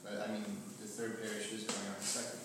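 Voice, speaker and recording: A man with a flat, fairly low voice tentatively offers his reading in a group study of a religious text. He sits far from the microphone in a very echoey room, with loud background noise. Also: fast. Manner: tentative, suggesting.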